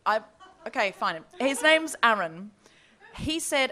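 A woman's voice: a little high, very animated, slow pace, bright, forceful tone. A woman co-hosting a live comedy podcast, telling a story with laughter and quoting messages in put-on voices. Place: live comedy festival show.

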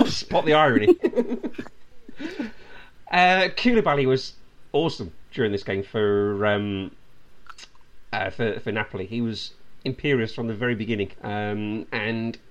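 A man's voice: medium pitch, sing-song, measured pace, pauses often. A man hosting a casual football podcast, talking with many fillers and laughing often. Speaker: podcast host.

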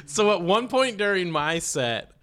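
A man's voice: high-pitched, very animated, unhurried, fairly bright tone. A man co-hosting a casual podcast, telling a story and acting out what people said. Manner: storytelling, acting out quotes, laughs often. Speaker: podcast co-host and comedian.

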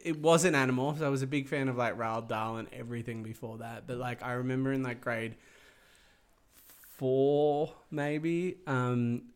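A man's voice: medium pitch, steady tone, normal speed. A man chatting casually as a podcast co-host, rambling with many fillers and hedges. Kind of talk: casual chat.

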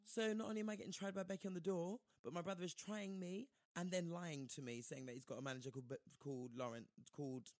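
A man's voice: sits high, quick pace, few pauses. A man telling a story in casual chat, acting out the people he quotes. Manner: animated, acts out quoted voices, slangy.

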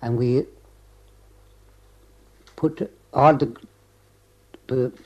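A man's voice: medium pitch, steady tone, very slow, low-quality recording. An older Irish man recounting a long memory in an interview, rambling and constantly repeating "he said" and restarting his phrases. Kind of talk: oral history recollection.

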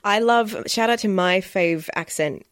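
A woman's voice: mid-range voice, unhurried, no room sound, clean studio sound. A young woman hosting a podcast, chatting reflectively and agreeing readily with her guest. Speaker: podcast host. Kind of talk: casual podcast chat.

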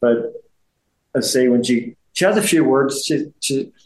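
In a roomy, poor-quality recording, a mid-range, expressive, unhurried voice belongs to a Belfast-accented man in his fifties. Once a boxer, he's an interview guest in casual chat who rambles, repeats himself and often restarts sentences.

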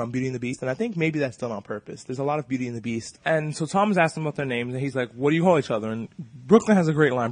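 A man hosting a podcast, recapping an episode in a casual, excitable and profane way, acting out the characters' lines as he goes. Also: mid-range voice, no room sound. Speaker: podcast host.

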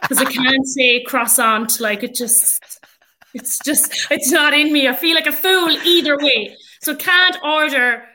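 A woman's voice: sits high, measured pace, pushed and bright, a little hiss or hum. A woman with an Irish accent, a rugby player and coach, chatting casually as a podcast guest with many fillers. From Ireland.

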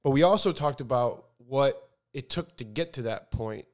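Young man, podcast co-host, smooth clear voice, loose rambling chat with fillers. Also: mid-range voice, animated, moderate pace, darkish tone. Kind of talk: casual chat.

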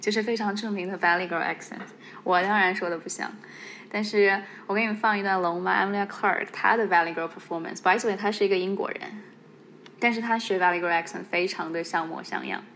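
A woman's voice: medium pitch, steady tone, fast, a bit bright, a little hiss or hum. Casual woman podcast host. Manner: conversational, explanatory, playful asides.

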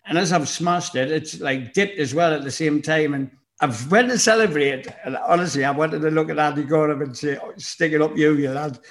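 A former footballer telling an animated anecdote, acting out the dialogue loudly. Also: male voice, a little high, a little fast, hardly any pauses. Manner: lively storyteller, loud, voices others in the story.

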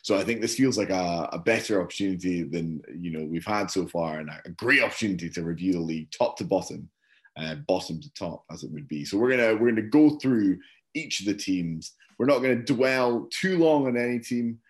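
A man co-hosting a football podcast, chatting in a relaxed, rambling way with lots of fillers. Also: sits low, fairly quick. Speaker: podcast co-host. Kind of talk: casual chat.

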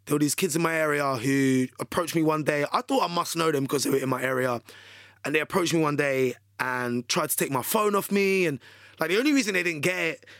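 Gravelly-voiced man telling a story. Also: fairly high pitch, brisk, dry recording, clean studio sound. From London. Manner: animated, chatty, filler-heavy storytelling. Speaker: radio DJ guest. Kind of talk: casual storytelling interview.

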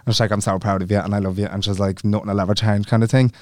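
Young male podcast co-host, rapid chatty storyteller with a smooth voice, dry close-miked sound. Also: on the low side, flat delivery, darkish tone, no room sound. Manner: chatty storyteller who acts out quoted dialogue and swears freely. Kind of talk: casual chat.

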